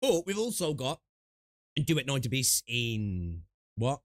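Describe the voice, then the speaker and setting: Young man, gaming livestream chat, rambling with fillers, mid-pitched voice, close noise-suppressed mic, dry sound. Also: very animated, a little slow, no echo. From United Kingdom. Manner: rambling, chatty, lots of fillers and asides. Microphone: close desk mic with noise suppression.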